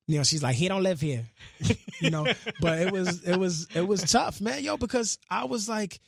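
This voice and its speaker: A man, telling his life story as a guest in a radio studio, animated and full of casual slang, acting out the voices of people he quotes. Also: fairly high pitch, gravelly, husky, dry recording. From Brooklyn, New York. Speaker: musician and actor guest.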